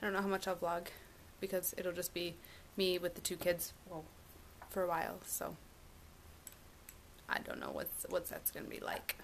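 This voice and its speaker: A woman's voice: fairly low pitch, little pitch movement, moderate pace, gravelly, pauses often, slight background noise. A young woman, a mom, chatting casually to her camera at home, rambling with fillers. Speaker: vlogger, mom. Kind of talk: casual vlog chat. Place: family home, indoors.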